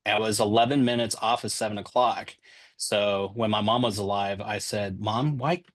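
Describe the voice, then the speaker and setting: Forties guy, announcer on a podcast, low voice, jokey and rambling with lots of ums. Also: little pitch movement, moderate pace. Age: 40s. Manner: joking, chatty, with filler ums. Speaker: public address announcer, guest. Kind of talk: casual interview chat.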